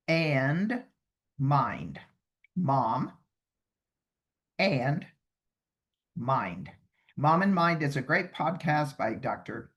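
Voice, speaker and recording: Brisk man giving a video-call lecture. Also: on the high side. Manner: chatty, emphatic, acts out quoted mothers. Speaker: webinar presenter. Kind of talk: online training lecture. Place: hotel room.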